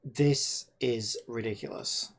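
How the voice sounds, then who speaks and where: A game developer thinking aloud at the keyboard, with a gravelly, creaky edge to the voice. The talk is slow and drawn out, muttered half to themself and peppered with frustrated swearing. It is casual self-talk with no audience in mind. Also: mid-range voice.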